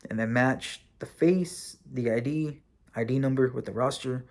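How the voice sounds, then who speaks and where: A man of ordinary pitch talking straight to his viewers in a loose, conversational way. He keeps the story rolling with "you know" and "like", drops in the occasional curse, and sounds relaxed. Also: moderate pace. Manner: relaxed and conversational, with frequent fillers and occasional swearing. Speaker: vlogger and former correctional officer, now bus driver. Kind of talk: casual storytelling to camera.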